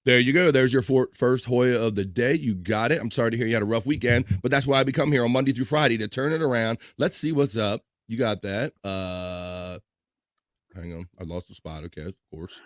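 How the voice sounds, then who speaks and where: A man's voice: medium pitch, brisk, no room sound, studio quality. A man hosting a live stream, reading viewer comments aloud in casual, upbeat banter and joking with his co-host.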